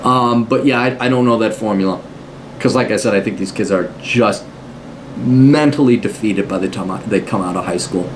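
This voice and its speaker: A man's voice: on the low side, normal speed, background noise. A middle-aged man hosting an advice podcast, talking bluntly and sarcastically and acting out mock quotes. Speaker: podcast host giving advice. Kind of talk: casual advice monologue.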